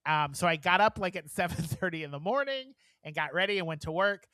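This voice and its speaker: A tired man co-hosting a casual podcast, rambling and giggling through his stories. His voice is bright and lively. It is recorded close and dry. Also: high-pitched, brisk, no echo. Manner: chatty and giggly, rambling with many fillers. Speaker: podcast co-host. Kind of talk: casual chat.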